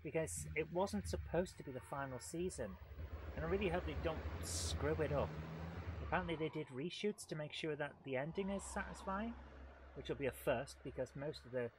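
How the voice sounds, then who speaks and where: A jokey man talks through a live game session in a slightly high voice, chatting with viewers between missions. Game noise runs clearly underneath him. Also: moderate pace. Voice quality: playful, jokey, puts on silly voices. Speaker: let's play streamer. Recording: noisy game audio behind. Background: game sounds and gunfire.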